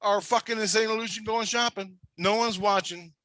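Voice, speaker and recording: A man's voice: high voice, fairly even intonation, fairly quick, bright, forceful tone, no echo. A man telling a long, rambling story in casual conversation, swearing constantly and talking with intensity. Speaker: storyteller recounting a spirit-world experience.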